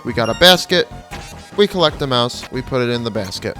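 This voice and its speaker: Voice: mid-range voice, expressive, brisk, pushed and bright. Chill gamer talking thru a playthrough, kinda sardonic, faint music behind. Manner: chatty, offhand, a bit sardonic. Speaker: let's play gamer. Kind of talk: casual game commentary.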